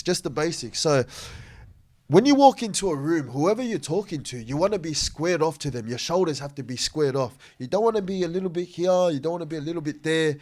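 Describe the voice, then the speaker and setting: A man from Sydney chats on a podcast with a fairly high, lively voice. He explains things eagerly, with plenty of examples and laughter. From Sydney, Australia. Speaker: podcast co-host giving speaking tips. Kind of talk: casual podcast chat.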